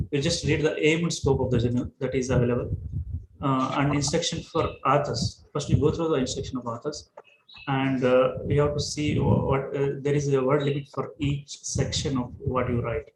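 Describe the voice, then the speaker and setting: A male lecturer speaks in a hesitant, halting way, his talk full of fillers and restarts. The sound comes over a video call from an echoey room. A steady hiss of noise sits behind his voice. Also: medium pitch. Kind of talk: online lecture.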